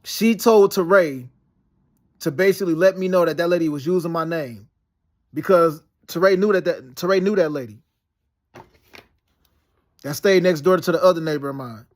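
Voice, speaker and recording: A man's voice: fairly high pitch, normal speed, pauses often. A man in his thirties telling a long, meandering story in a casual monologue, heavy on slang, fillers and restarts. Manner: slangy, peppered with "yo" and "you know what I'm saying". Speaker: vlogger recounting dreams and past events.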